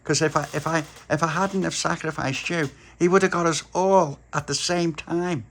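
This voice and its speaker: A man's voice: on the high side, steady tone, moderate pace, fairly bright tone, voice pushed up. A man voicing a bossy, persuasive young girl in a silly family story. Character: little girl's cousin, bossy scheming girl.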